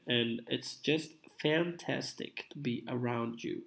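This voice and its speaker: Slow-talking sick Italian man. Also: mid-range voice, vocal fry, a bit bright. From Italy. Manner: slow, repetitive, drawn-out. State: sounding sick. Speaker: live streamer. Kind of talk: casual live stream chat.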